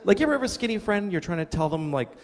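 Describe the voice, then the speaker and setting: A man's voice: sits high, sing-song, very fast. A man performing a profane, ranting stand-up comedy routine on stage. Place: live comedy venue. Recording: echoey live club with audience noise.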